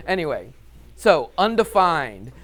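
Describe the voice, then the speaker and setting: A man's voice: on the high side, slow. A man teaching a math class, telling a story with lots of laughter and acting it out, then teasing his students. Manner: animated, laughs often, acts out story.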